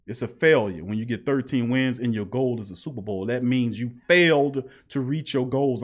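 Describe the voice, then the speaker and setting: A sports talk host, reading listener comments and ranting back at them. He hammers each point home again and again, his voice sitting at an ordinary pitch for a man. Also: fairly quick, few pauses. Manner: heated, emphatic, repeats points. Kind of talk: live call-in sports talk.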